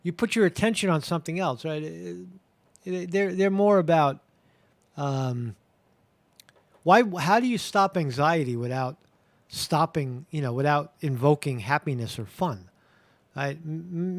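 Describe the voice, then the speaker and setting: A man's voice: a little high, no echo. A man hosting a live show, talking in a rambling casual monologue that repeats words and swears now and then.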